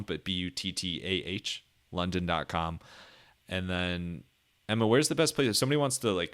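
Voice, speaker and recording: A man's voice: sits low, fairly bright tone, smooth. A man from Ohio hosting a casual podcast interview, chatty and laughing, with plenty of fillers and restarts. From Ohio, United States. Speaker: podcast host.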